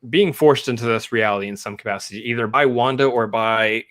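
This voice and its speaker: Animated man chatting casually. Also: mid-range voice. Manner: animated retelling with quick acted-out quotes. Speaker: co-host. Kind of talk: casual review chat.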